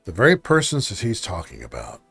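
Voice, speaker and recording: A man hosting a live-stream reaction show, talking loudly and emotionally in rapid-fire bursts. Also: fairly low pitch, huge pitch swings, creaky, breathy edge, faint music behind. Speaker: streamer, host.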